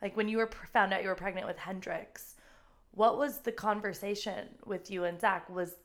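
A woman's voice: mid-range voice, steady tone, moderate pace, fairly bright tone. Enthusiastic young woman podcast host. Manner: enthusiastic, acts out quotes in voices. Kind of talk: casual chat.

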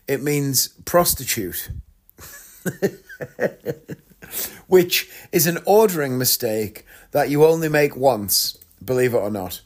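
A man with an English accent, a magician and podcast host, telling comic stories in a wry, deadpan way. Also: mid-range voice, slow pace. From England. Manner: wry, deadpan storytelling with frequent laughs. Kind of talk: comic storytelling monologue.

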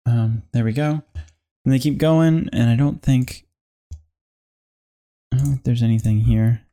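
Laid-back man co-writing a sketch, thinking aloud, mid-pitched. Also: unhurried. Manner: relaxed, thinks aloud with fillers. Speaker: sketch co-writer. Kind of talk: casual script workshop chat.

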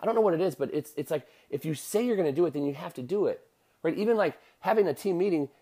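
Fast-talking man, rambling motivational talk. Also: fairly high pitch, animated, mellow, slightly rough. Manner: rambling, fast, with many fillers and restarts. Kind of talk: casual motivational monologue.

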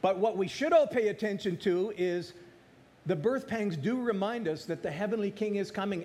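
A pastor preaching a sermon, building emphasis through repeated phrases and slowing on key words. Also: male voice, high voice, a little mellow. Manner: preaching with rising emphasis and repetition.

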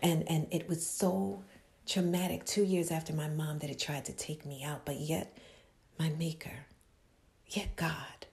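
A woman with a deep, creaky, steady voice preaches at a measured pace as an author. Her inspirational sermon is intimate and impassioned, often falling to a hushed whisper and building on repeated exhortations.

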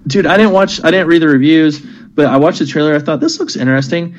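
A man's voice: fairly high pitch, fairly quick, dull audio. Laid-back rambling podcast guy. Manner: rambling, laughs a lot, swears casually. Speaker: podcast co-host. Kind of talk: casual chat among friends.

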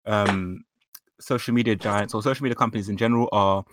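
An Italian-accented man explains things hesitantly, with lots of ums and restarts. His voice is on the low side. Clear hiss and noise run under his remote line. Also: fairly even intonation, fairly quick. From Italy. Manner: hesitant, many fillers. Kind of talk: casual group chat.

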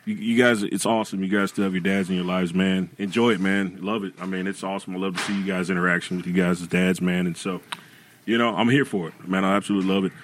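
A man's voice: deep voice, fast talker, a little hiss or hum. A man co-hosting a podcast in casual chat, telling stories with lots of laughing, often saying "man" and "bro". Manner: animated storyteller, laughs often and acts out quotes; says "man" and "bro" a lot. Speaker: podcast co-host.

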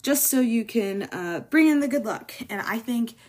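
A woman's voice: on the high side, lively intonation, normal speed. A young adult woman hosting a casual chat, talking loosely with many fillers and small laughs. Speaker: host. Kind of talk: casual chat about New Year's traditions.

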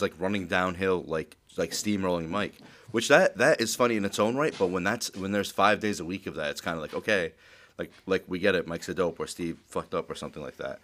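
A man's voice: deep voice, fairly bright tone, a little hiss or hum. A man co-hosting a casual podcast chat, rambling with lots of filler words and swearing. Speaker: podcast co-host.

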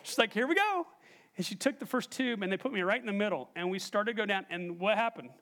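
A man gives a sermon in a church hall, his voice sitting high for a man. He tells a personal story with animated energy and keeps turning to the congregation with questions. He speaks into a stage microphone. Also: fast. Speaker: pastor.

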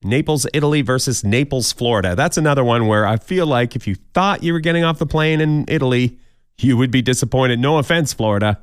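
A man's voice: medium pitch, fairly quick, clear, resonant tone, no echo, studio quality. A man hosting a podcast countdown of odd news stories, with jokey, wry asides. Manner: jokey, wry asides, mock quoted voices. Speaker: podcast host.

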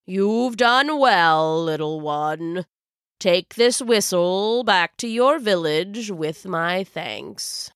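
A woman doing a slow, kindly old wizard. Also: expressive, clear, resonant tone, dry recording, clean studio sound, heavily acted. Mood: gentle. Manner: slow, deep, gentle and wise. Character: kindly old male wizard Father Frost. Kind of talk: storybook voice acting.

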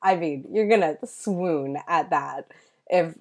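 A woman with a slightly low voice talks through episode recaps in a loose, gushing way. She peppers her sentences with "like" and little asides. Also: unhurried. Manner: gushing, enthusiastic, lots of "like". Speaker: podcast co-host recapping a show. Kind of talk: casual chat.

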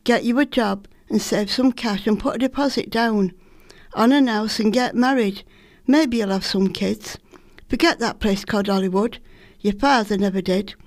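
A woman's voice: mid-range voice, normal speed, darkish tone, no room sound, clean studio sound, close to an everyday voice. A woman with a Lancashire accent voicing a stern, practical working-class mother who scolds her son down to earth. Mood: scolding.

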